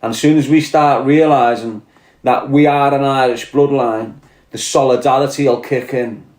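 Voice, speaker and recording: A man's voice: mid-range voice, fairly even intonation, normal speed, a little mellow. A man with a Liverpool Scouse accent delivering a blunt, profane, heated monologue, urging his listeners on. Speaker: podcast host. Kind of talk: impassioned monologue to camera. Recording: roomy echoey room.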